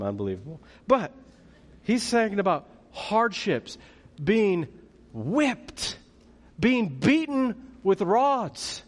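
A man preaching a sermon in an animated way, swinging between loud pleading and hushed, intimate lines. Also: extremely high pitch. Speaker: pastor. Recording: long reverb of a large hall.

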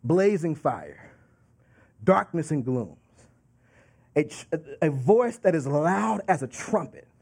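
A man preaching a sermon with emphatic, drawn-out delivery and call-and-response asides. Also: fairly high pitch, a little mellow, slightly rough.

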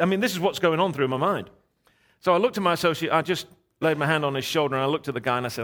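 A middle-aged man preaching as a guest, telling a story in a lively, animated way and voicing the people in it. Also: a little high, fairly quick. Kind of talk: sermon storytelling.

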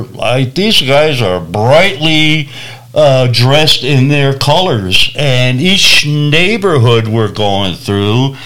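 A man preacher telling a personal story in a lively, animated way, acting out the voices of people in it. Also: medium pitch. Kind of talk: storytelling testimony.

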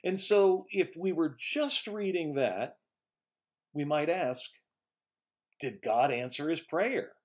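A man pastor giving a slow, emphatic devotional sermon, rising to stress key words and dropping softly at phrase ends. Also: on the high side, animated.

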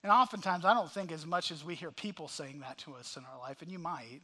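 A man preaching a sermon to a congregation, impassioned, swinging between loud cries and hushed asides. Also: fairly high pitch, brisk. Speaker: pastor. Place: church sanctuary.

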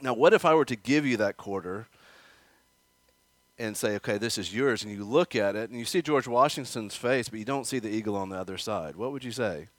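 A man's voice: fairly low pitch, lively intonation, brisk, dry recording. Man preaching a conversational sermon. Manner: conversational, asks the congregation questions; acts out quoted voices with rising emphasis. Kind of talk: expository sermon. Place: church.

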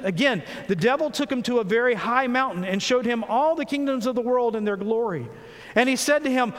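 High-voiced man preaching in a reverberant hall. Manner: expressive preaching, acting out quoted voices. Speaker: pastor. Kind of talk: sermon.

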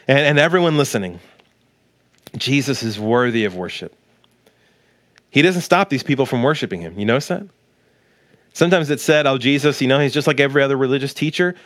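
A man in his thirties, a pastor preaching a sermon to listeners at home, animated and acting out the quoted voices. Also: dry recording. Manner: animated, acts out quoted voices with big pitch jumps; direct address to listeners at home.

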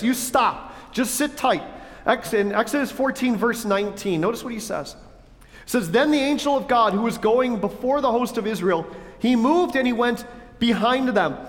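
High-voiced man preaching in a reverberant hall. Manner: animated preaching, acting out God's voice and listeners' objections. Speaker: pastor. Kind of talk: sermon.

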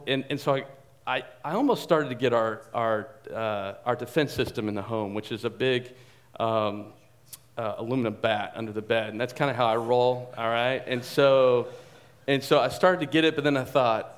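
A man in his forties preaching a sermon as pastor, telling a family story in a chatty, animated way. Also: mid-range voice, moderate pace. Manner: anecdotal, chatty and animated, frequent restarts.

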